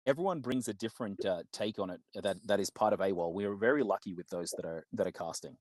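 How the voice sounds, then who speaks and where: A man's voice: sits low, fast, a little mellow, dry recording. A man with an Australian accent, commentating an online card game tournament in a chatty, upbeat way. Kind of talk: casual esports commentary.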